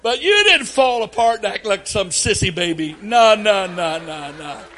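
An older man preaching a sermon, telling folksy family stories and breaking into loud outbursts. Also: high-pitched, lively intonation, normal speed, slight background noise. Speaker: pastor.

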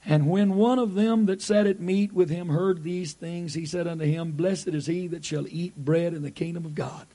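High-voiced preacher with a drawl. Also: male voice, steady tone, normal speed, hardly any pauses, mellow. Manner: preaching, repeats his points and acts out little scenes. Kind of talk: sermon.

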